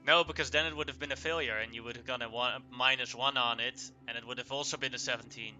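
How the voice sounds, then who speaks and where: Man, game master, bright voice, explains rules briskly, faint music behind. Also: medium pitch, steady tone. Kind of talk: running a tabletop game on stream.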